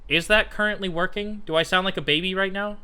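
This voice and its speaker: Guy streamer at his desk mic, kinda high bright voice, swears a lot while fixing audio stuff. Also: steady tone, fast talker, soft background music. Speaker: game streamer. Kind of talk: casual live-stream chat. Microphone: desk microphone with voice software.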